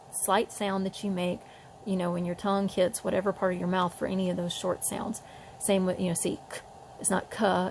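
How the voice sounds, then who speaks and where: A woman, talking casually as she shows how to teach children to read, slowly sounding out words as she goes. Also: medium pitch, gravelly, darkish tone, a little hiss or hum, rough recording. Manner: demonstrates sounds slowly, chatty with fillers. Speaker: parent teaching reading. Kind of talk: casual home tutorial.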